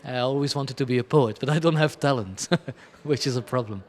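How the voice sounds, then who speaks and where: A man's voice: mid-range voice, a little fast. A man, a creative director, answering interview questions in a candid, chaotic way, bluntly and with self-deprecating asides. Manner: chaotic, rambling, frequent restarts and laughs.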